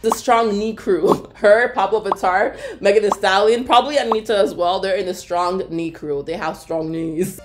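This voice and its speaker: A young woman from Canada giving casual reaction commentary, excitable and exclamatory, laughing often. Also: mid-range voice, moderate pace, hardly any pauses, noisy background. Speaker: reaction vlogger.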